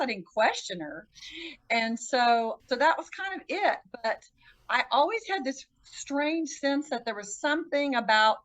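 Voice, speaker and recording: A woman with a fairly high voice tells her life story as a podcast guest. She talks casually and earnestly, restarting her sentences as she goes. When she quotes people, her pitch jumps sharply. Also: fairly bright tone, poor audio. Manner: earnest, halting, with frequent restarts.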